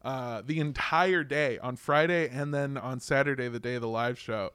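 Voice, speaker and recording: A man's voice: mid-range voice, normal speed, a bit bright, clean tone, no room sound. A young man chatting casually on a podcast, telling rambling anecdotes, laughing often and swearing casually. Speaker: podcast guest. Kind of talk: casual chat.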